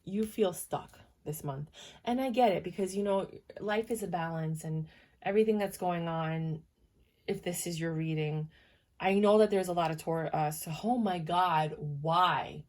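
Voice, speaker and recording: Low-voiced woman giving a tarot reading. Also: moderate pace, dark tone. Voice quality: speech she calls cheerleader-like. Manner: chatty, emphatic, talks to viewers directly. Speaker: tarot reader. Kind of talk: casual tarot reading to camera.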